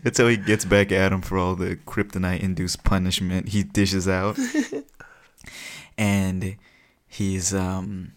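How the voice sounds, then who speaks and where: A young man co-hosting a podcast, telling jokey stories in an animated, casual way. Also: sits low, slow pace. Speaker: podcast co-host. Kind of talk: casual chat.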